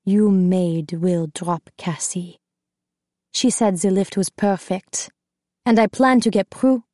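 A woman's voice: mid-range voice, steady tone, normal speed, no room sound, clean studio sound, lightly acted. Woman whispering as a menacing young man. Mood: accusing. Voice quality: hushed, threatening whisper. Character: menacing young male dancer, manipulative and accusing.

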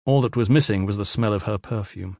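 A man reading a fantasy novel aloud in measured, even scripted narration. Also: fairly low pitch, no room sound, studio quality. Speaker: audiobook narrator.

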